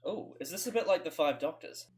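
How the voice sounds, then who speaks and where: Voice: medium pitch, animated, brisk, darkish tone, husky. A host giving casual, rambling reaction commentary, stammering and laughing often between thoughts. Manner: swears casually.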